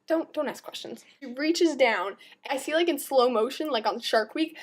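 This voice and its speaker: A woman's voice: high voice, moderate pace. Chatty young woman vlogging. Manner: chatty and animated, heavy use of "like". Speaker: vlogger in a group channel. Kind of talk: casual vlog storytelling.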